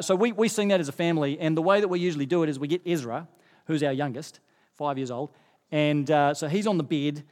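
A middle-aged male pastor with a high, bright voice delivers a sermon. His voice carries into a long church-hall reverb, and he gets animated and rises in pitch on the points he stresses.

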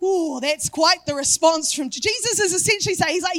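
A woman preaching a sermon with rhetorical questions and sudden shouted emphasis, softening when she reads scripture. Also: very high voice, normal speed, few pauses, no room sound.

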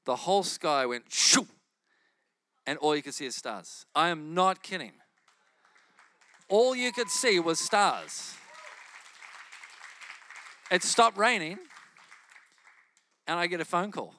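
A man preaching a sermon, telling a testimony in an animated way and acting out his own inner voices. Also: high voice, slow pace, pauses often, some chatter behind, slight background noise.

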